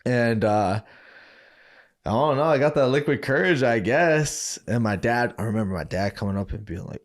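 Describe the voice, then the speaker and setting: A man's voice: medium pitch, moderate pace. A man on a podcast, telling a story from his past in a loose, rambling way and acting out the people he quotes. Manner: animated, acts out quoted people in raised voices, laughs often; loose, rambling phrasing with many fillers and restarts. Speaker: podcast guest, former fighter. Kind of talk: casual storytelling.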